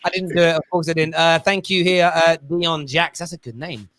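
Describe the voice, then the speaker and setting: A man hosting a casual football chat show, telling stories with lively energy and mimicking voices. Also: a little high, fairly quick, no room sound. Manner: animated storytelling, mimics his kids. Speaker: show host.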